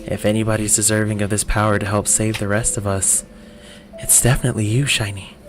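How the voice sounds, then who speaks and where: A man's voice: fairly low pitch, flat delivery, a little fast, noisy background, natural voice. A man voicing a grateful male elemental guardian spirit who gushes over the heroes and gives grand, solemn speeches.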